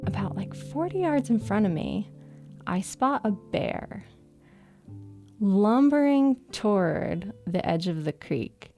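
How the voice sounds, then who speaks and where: A woman writer telling a personal adventure story in a casual, animated way, laughing often and filling with "like". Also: medium pitch, takes it slowly, faint music behind. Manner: lively, breathless retelling with laughs and "like" fillers.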